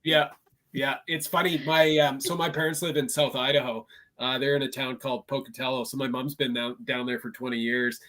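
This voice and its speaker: A man from Vancouver with a Canadian accent, chatting casually as a podcast host and getting excitedly louder when amused. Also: mid-range voice, fairly quick. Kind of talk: casual chat.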